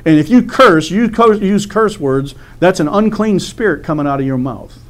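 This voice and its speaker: A man's voice: sits high, expressive, normal speed. A middle-aged man preaching a sermon in a folksy way, often asking "amen?" and laughing at his own stories. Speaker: pastor.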